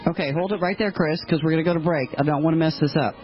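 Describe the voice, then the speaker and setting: A male radio host with a somewhat high voice, brisk and friendly as he sends the show to a break. His voice is dull and muffled, and music plays clearly under it. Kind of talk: radio talk show hosting.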